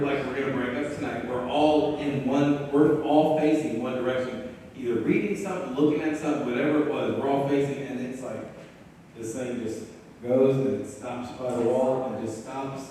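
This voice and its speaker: A man's voice: medium pitch, darkish tone, slight background noise. A man chatting loosely on a panel at a live Q&A, trailing off mid-sentence. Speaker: paranormal investigator on a panel. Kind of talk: casual chat at a live Q&A. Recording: echoey hall, voice from far off.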